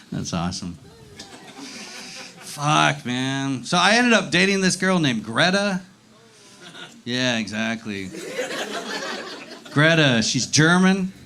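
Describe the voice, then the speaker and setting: High, lively stand-up comedian man. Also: background noise. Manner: profane, rambling, acts out voices. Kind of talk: live stand-up set. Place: comedy club stage.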